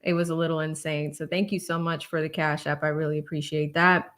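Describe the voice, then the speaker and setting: A woman's voice: sits low, little pitch movement, a little fast, fairly bright tone. A woman from Boston with a Boston accent, co-hosting a livestream casually and reading out donations. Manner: laughs easily, reads out donations. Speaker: co-host.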